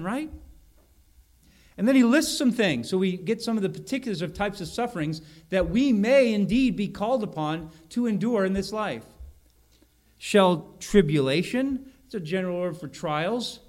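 Earnest man preaching, slightly high voice. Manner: earnest, explanatory, repeats key words for emphasis. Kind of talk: expository sermon on a Bible passage.

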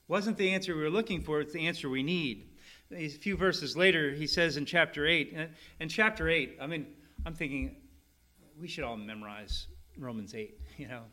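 Middle-aged guy preaching, bright slightly high voice, chatty then fired up on the bible verses. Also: normal speed. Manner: conversational preaching with animated scripture reading. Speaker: pastor. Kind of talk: sermon.

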